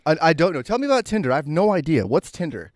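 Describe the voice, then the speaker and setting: A man's voice: on the high side, sing-song, fast, dry recording, studio quality. A married man co-hosting a podcast, teasing and sarcastic in banter. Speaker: podcast co-host. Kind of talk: casual chat.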